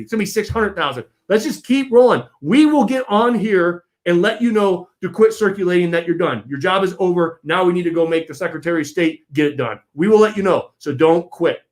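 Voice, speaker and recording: A man hosting his own political channel, giving an energetic, emphatic pep talk to supporters and repeating rallying phrases. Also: high voice. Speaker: host of a political movement channel.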